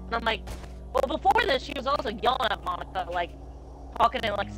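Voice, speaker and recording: A woman's voice: mid-range voice, fairly quick, a bit bright, faint music behind, rough recording. A young woman streaming a game, telling a story in a chatty, filler-heavy way. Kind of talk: casual chat while gaming.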